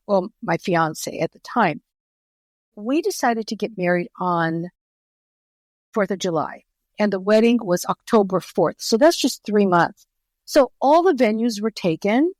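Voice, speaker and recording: Middle-aged woman, podcast guest, animated storyteller, dry close recording. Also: on the high side, measured pace, dry recording. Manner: animated storyteller, acts out quoted voices. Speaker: guest author.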